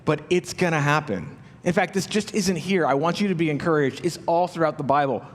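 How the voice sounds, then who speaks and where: Conversational pastor preaching in a reverberant hall. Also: male voice, fairly high pitch, a little fast. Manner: conversational, rhetorical questions, acts out listeners' inner voices. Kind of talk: sermon. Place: church auditorium.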